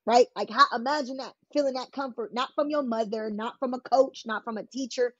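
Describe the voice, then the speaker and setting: A woman sits for an interview and tells her story in a husky voice, plainly and with emphasis, slipping into the voices of people she quotes. The sound is dull and dry, like a lo-fi recording. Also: fairly high pitch, brisk, fairly bright tone, no room sound. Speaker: guest telling her life story. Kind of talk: candid conversational storytelling.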